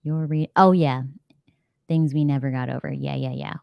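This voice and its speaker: Chatty low-voiced woman hosting a live stream. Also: fairly even intonation, moderate pace, vocal fry, clean tone, no room sound, dull audio. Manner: chatty, reads chat comments aloud, laughs often. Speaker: livestream host. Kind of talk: casual live-chat reading sprint.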